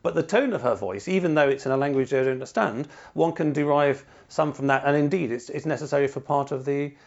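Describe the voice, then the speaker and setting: A man's voice: fairly high pitch, fast talker, lo-fi sound. A man hosting a podcast, talking in long, discursive turns with wry asides. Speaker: podcast host. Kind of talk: podcast interview.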